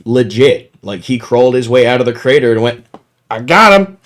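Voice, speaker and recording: A man hosts a casual podcast, animatedly telling tabletop game stories and laughing often. His voice is mid-range and a little fast.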